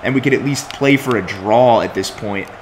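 Against slight background noise, a young man narrates his own soccer video game at a moderate pace and medium pitch. The gaming commentator is exasperated, complaining and swearing often at his team.

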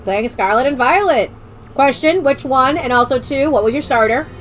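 A woman streaming a video game, chatting excitedly, joking and swearing as she plays. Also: high voice, normal speed, faint music behind. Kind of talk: casual let's-play commentary.

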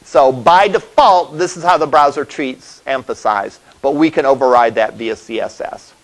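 A man's voice: medium pitch, moderate pace, low-quality recording. A male college instructor giving a classroom lecture, explaining step by step and often checking in with "all right?". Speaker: college web development instructor.

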